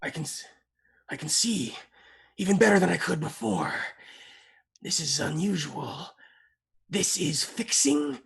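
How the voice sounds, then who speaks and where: Flick, a grumpy one-eyed male toy as a woman puts him on in a tabletop game, talks low and gruff with a gravelly rasp. He is blunt and wary. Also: sing-song, a little slow, long pauses, full character voice. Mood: protesting.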